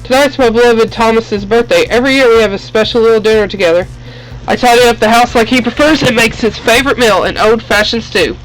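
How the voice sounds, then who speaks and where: A man's voice: extremely high pitch, fast talker, a bit bright, rough recording. A man reading a kindly elderly widow. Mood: gentle. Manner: plain reading, no old-lady voice.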